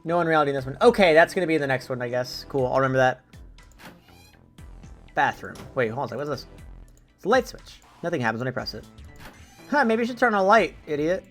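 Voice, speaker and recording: A man's voice: mid-range voice, fast talker, long pauses, a bit bright, soft background music. A young man streaming a video game, chatting casually with his viewers in a rambling way with lots of fillers. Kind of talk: casual let's-play commentary.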